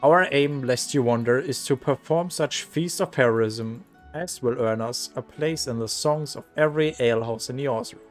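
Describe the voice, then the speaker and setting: A man's voice: mid-range voice, moderate pace, hardly any pauses, faint music behind, natural voice. A man voicing an earnest young male adventurer who speaks in a grand, formal way, reading game dialogue aloud. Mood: lofty.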